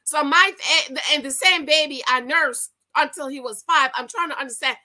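A woman's voice: sits high, moderate pace, hardly any pauses, pushed and bright, rough recording. A middle-aged woman hosting a commentary vlog, reading news aloud and reacting indignantly while talking straight to her viewers. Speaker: YouTube commentary host.

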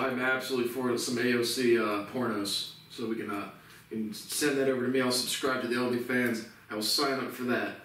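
A man rambles in a sarcastic, profane vlog, chuckling between his points. His voice sits at an ordinary pitch. It echoes heavily off the room, and the mic is far back. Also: a bit bright. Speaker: vlogger. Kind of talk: casual rambling monologue.

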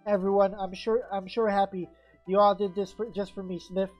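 A woman's voice: medium pitch, level tone, normal speed, muffled recording, soft background music, natural voice. A woman reading aloud as a meek young male beaver creature from a game, apologetic and folksy. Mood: humble.

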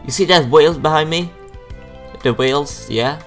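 A young man voicing a gruff townsman with a put-on accent, who gives folksy advice in a gaming video. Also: medium pitch, expressive, moderate pace, a bit bright, soft background music. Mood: hearty.

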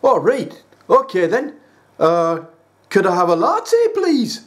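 A man's voice: slow, heavily acted. A man voicing a blunt, eager young Geordie addict in rehab, with a Geordie accent. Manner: eager and blunt, lively rises in pitch.

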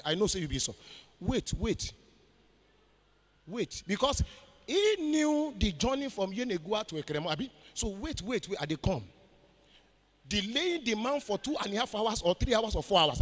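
High, lively Nigerian preacher in a hall. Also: male voice. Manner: preaching with call-and-response questions and shouted declarations. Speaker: pastor. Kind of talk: sermon. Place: church. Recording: echoey church hall.

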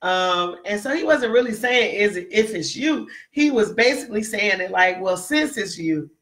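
A woman's voice: mid-range voice, lively intonation, normal speed, fairly bright tone. A woman preaching a Bible teaching to an online audience, emphatic and repetitive, tagging her points with "right?" and greeting viewers by name. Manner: repetitive, keeps asking "right?"; emphatic, acts out quotes in raised voices. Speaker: preacher in a ministry.

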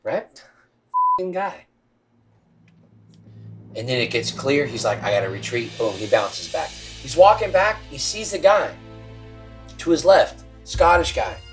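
Tipsy man retelling history, rambling and crude, slightly higher voice. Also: very animated, slow, pauses often, soft background music. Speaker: storyteller.

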